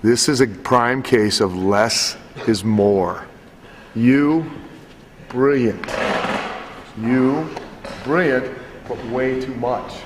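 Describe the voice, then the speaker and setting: A man's voice: medium pitch, extremely slow, pauses often, crowd noise. A middle-aged man coaching wrestlers, critiquing matches and acting out scenes with swearing. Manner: animated, profane, acts out scenes. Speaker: wrestling trainer. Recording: echoey hall, faint background noise.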